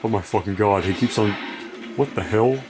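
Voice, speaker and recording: Music runs in the background as the man speaks at a moderate pace in a lowish voice. He's a gaming video creator, sleep-deprived and playing a video game, offering loose, profane, self-deprecating gameplay commentary.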